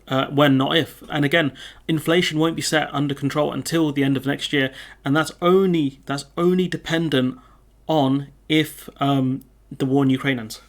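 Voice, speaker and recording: A man's voice: mid-range voice, gravelly. A man giving casual political commentary on the news, sardonic and chatty, with lots of filler words.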